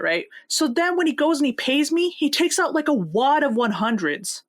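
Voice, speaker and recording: A young woman co-hosting a casual podcast, retelling a workplace story with constant swearing and animated quotes. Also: sits high, normal speed. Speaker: podcast co-host.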